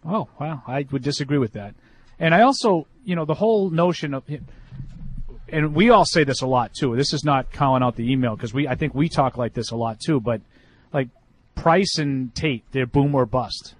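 A man's voice: medium pitch, moderate pace, dry recording. A man co-hosting a casual sports talk show, rambling with many fillers and restarts as he argues. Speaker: podcast co-host.

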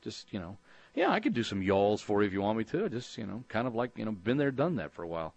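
A man's voice: fairly low pitch, sing-song, fast, gravelly, darkish tone, dry recording. A middle-aged man from Texas hosting a sports talk call-in show, speaking in a rambling, conversational way with frequent restarts and fillers. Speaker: sports radio host.

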